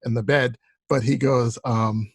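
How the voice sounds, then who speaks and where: A man's voice: mid-range voice, fairly even intonation, unhurried, slightly rough, no room sound. A man hosting a casual interview, laughing along and telling his own story from a film set. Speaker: interview host.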